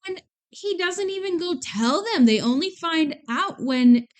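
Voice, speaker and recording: A woman podcast co-host chatting casually about a movie, reacting quickly and laughing along. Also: very high voice, expressive.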